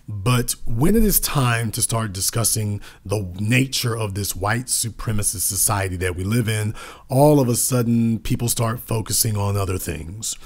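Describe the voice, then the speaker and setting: A man giving a political commentary monologue, emphatic and repetitive, slowing down to stress key words. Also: on the low side, darkish tone.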